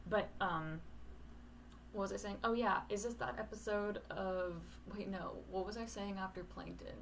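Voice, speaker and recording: A woman's voice: medium pitch, steady tone, moderate pace, vocal fry, slight background noise, low-quality recording. A young woman in casual talk to camera, rambling and candid, swearing casually, talking at home at night.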